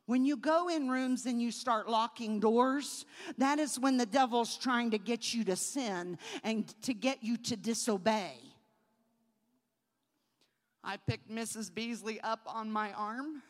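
High-voiced woman preaching, hall echo. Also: a little slow. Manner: shifts from soft storytelling to loud preaching. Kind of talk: storytelling sermon.

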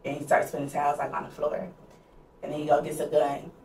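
A woman's voice: low voice, completely flat delivery, fast talker, gravelly, dark tone. A young woman co-hosting a podcast, telling a personal story in a candid, casual way with lots of "like". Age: young adult. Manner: candid, conversational, heavy use of "like". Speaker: podcast co-host. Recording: roomy echo, distant mic, faint noise.

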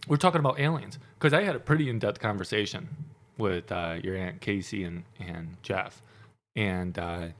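Lowish-voiced young man, rambling talk. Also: normal speed. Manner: relaxed, rambling, many fillers. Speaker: podcast co-host. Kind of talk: casual storytelling chat.

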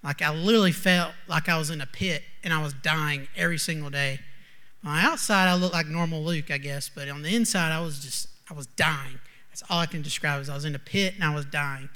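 A man's voice: fairly high pitch, sharp tone. Earnest young man with a raised voice. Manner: earnest, halting, heavy on "like". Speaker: student sharing a testimony. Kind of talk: personal testimony.

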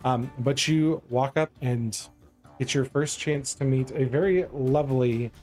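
A man's voice: medium pitch, a little slow, a little mellow, soft background music. A man narrating as game master in a tabletop game, loose and rambling with frequent ums.

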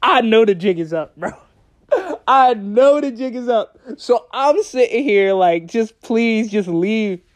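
A young man telling a story in a casual vlog, animated and profane, often breaking into laughter. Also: extremely high pitch, measured pace. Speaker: vlogger.

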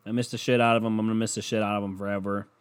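A man's voice: lowish voice, little pitch movement, very fast, clean tone. A man hosting a solo podcast from his bedroom, talking in a rambling, profane, jokey way. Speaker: podcast host. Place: bedroom, in the dark. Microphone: microphone.

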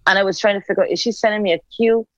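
A senator from Barbados, appearing as an interview guest, tells her own stories in a casual, animated way and acts out the quoted dialogue. Her mid-range voice is very fast, and the recording is dull and dry.

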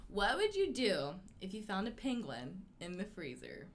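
A woman's voice: mid-range voice, wildly swooping pitch, moderate pace, a little hiss or hum. A young woman co-hosting a casual podcast chat, giggling often, her mouth numb from a lozenge. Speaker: podcast co-host.

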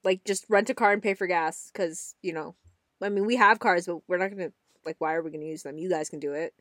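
A woman's voice: fairly low pitch, fast talker, fairly bright tone, no echo, clean studio sound. A young woman co-hosting a casual chat with friends, blunt and emphatic, swearing freely.

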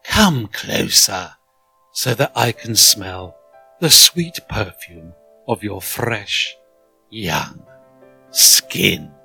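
A man's voice: fairly low pitch, very animated, vocal fry, pushed and bright, husky, faint music behind, exaggerated voice. A man doing a trembling, sly wolf granny. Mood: sly, hungry. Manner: trembling, slow, wheedling. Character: sly hungry male wolf disguised as granny.

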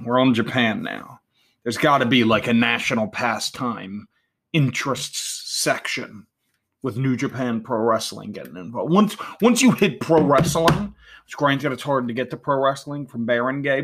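A man with a medium-pitched voice hosts his show, chatting casually as he plays through a game. He flips between loud, eager outbursts and low muttering to himself. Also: slightly rough. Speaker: podcast host. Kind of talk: casual live commentary while playing a game.

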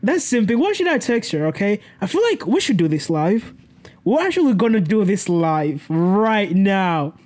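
A man's voice: sits high, sing-song, moderate pace, a little mellow. A young man vlogging casually to his camera, telling a story in a rambling, self-correcting way, swearing freely and laughing often.

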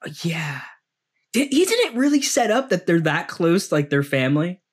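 A man's voice: high-pitched, big pitch swings, moderate pace. Rambling, upbeat male podcast co-host. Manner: rambling, laughs often, many fillers. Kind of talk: casual movie-review chat.

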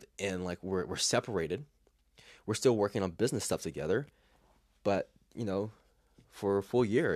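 A young man from the Los Angeles area shares an emotional personal story in a casual, reflective way, tearing up as he talks. His low-pitched voice, recorded with no echo, is full of fillers and restarts and often drops to a soft near-whisper.

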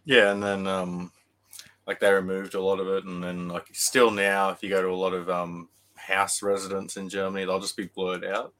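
A man's voice: low voice, completely flat delivery, moderate pace, a bit bright. A man with an Australian accent chatting casually on a podcast, rambling and laughing at his own jokes. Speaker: podcast co-host. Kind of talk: casual chat.

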